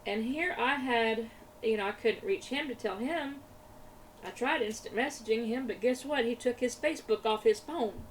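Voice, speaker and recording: A woman who vlogs about crafts talks casually at normal speed in a slightly high voice, wandering from topic to topic, laughing a lot and repeating words as she crafts. The mic sits a little far off, picking up faint room noise.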